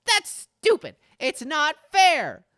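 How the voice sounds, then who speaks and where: A woman's voice: sing-song, normal speed, pushed and bright, dry recording, studio quality. Woman doing a stubborn, defiant young girl. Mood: indignant. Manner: shrill, outraged protests.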